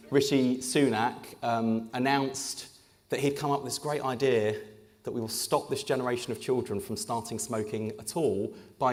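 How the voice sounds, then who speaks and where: An English politician speaks in a live on-stage conversation, his delivery punchy and full of jokes. His mid-range voice has a darkish tone, and the echoey hall adds long reverb.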